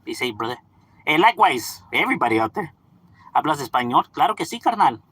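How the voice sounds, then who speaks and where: A bright, bouncy man's voice, swinging high and low as he chats casually on a livestream. His tone is husky and close to the mic. He is full of slang, slips into Spanish, and laughs easily. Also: sing-song, fast talker, no echo. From Los Angeles, California. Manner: slangy, laughs often, switches into Spanish words. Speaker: livestream host reading chat.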